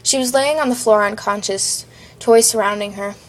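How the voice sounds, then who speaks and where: A woman's voice: mid-range voice, normal speed. A woman reading a fan-written story aloud, hurrying through it with small stumbles. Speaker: fan fiction reader.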